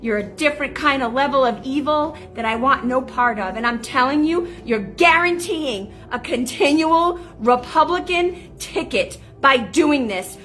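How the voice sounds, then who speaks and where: A woman's voice: high-pitched, lively intonation, a little slow, few pauses, fairly bright tone, soft background music. A woman in her thirties delivering a heated, indignant political rant to camera, swearing as she goes. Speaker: political commentator.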